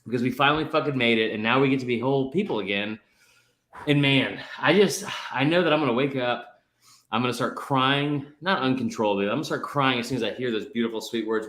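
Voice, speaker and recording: Male podcast co-host, mid-pitched, rambling and profane in casual banter, recorded with an echoey room sound. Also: fast talker, a bit bright.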